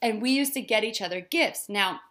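Chatty woman in her 30s, podcasting from home, mid-pitched voice. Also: normal speed, bright, forceful tone. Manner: chatty, competitive, storytelling. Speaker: podcast co-host. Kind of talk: casual chat. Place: home dining room.

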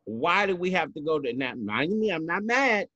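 A man's voice: fairly high pitch, sing-song, moderate pace, sharp tone, dry recording, muffled recording. A man co-hosting a podcast in casual chat, sassy and emphatic, cursing freely. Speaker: podcast co-host.

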